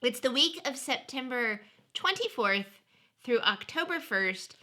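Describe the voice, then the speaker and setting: Young woman, podcast co-host, very bright tone, lively pitch, upbeat. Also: measured pace. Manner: upbeat, lists items, laughs easily. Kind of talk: casual chat.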